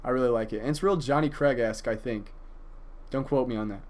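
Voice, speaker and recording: A man's voice: mid-range voice, fast talker, a little mellow. A man casually reviewing an album, enthusiastic and profane, with frequent hesitations and fillers. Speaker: music reviewer.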